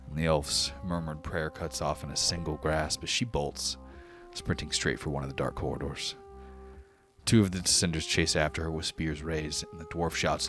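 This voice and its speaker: A man narrating a tabletop game as game master in a dramatic, measured way. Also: extremely low pitch, steady tone, over music.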